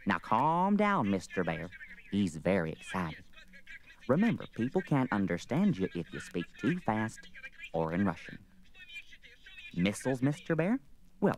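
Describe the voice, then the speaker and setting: A man playing an older president as a slow, sing-song children's TV show host. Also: low-pitched, full character voice. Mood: cheery. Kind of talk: comedy record sketch.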